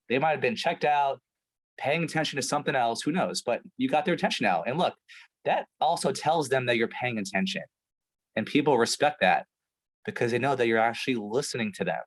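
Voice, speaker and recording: A man's voice: medium pitch, husky, low-quality recording. Guy coaching a sales team on a video call, fired up, keeps saying right and like. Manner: energetic, emphatic, lots of "right?" and "like". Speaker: sales trainer.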